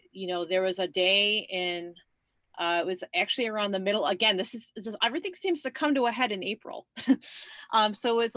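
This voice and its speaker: Middle-aged woman, guest storyteller: bright tone, chatty, laughs often, dry close recording. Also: mid-range voice, dry recording. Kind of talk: conversational storytelling.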